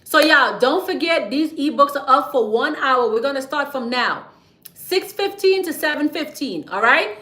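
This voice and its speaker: A woman hosts a casual livestream, chatty and quick to laugh. Her voice sits high and sounds bright. The room around her is echoey. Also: expressive. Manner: chatty and playful, laughs often, drops into a whisper to share tips. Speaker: livestream host teaching business credit. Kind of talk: casual livestream talk to viewers.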